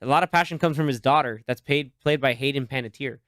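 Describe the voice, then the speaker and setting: A man's voice: medium pitch, fast talker, dry recording, clean studio sound. A man hosting a podcast, chatting casually and animatedly about movies and acting out favorite lines. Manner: animated, quotes film lines in put-on voices. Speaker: podcast host.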